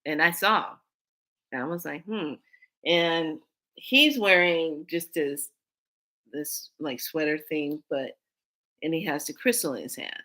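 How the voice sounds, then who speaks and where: Woman, low-pitched, bright forceful tone, casual vlog storytelling, animated, loud then hushed. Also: measured pace. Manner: animated, swings between loud bursts and hushed asides. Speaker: spiritual channel host.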